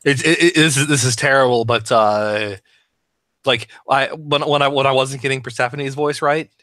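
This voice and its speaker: An animated man in casual podcast chat about voicing characters, his tone bright and forward. He swears freely and talks with plenty of energy. The sound is close and dry, with no room around it. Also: mid-range voice, moderate pace, no echo. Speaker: voice actor discussing his roles.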